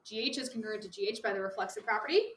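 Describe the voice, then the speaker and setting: A woman teaching a geometry lesson to a class, upbeat and quick to laugh with her students. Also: medium pitch. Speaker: math teacher. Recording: echoey classroom, faint noise.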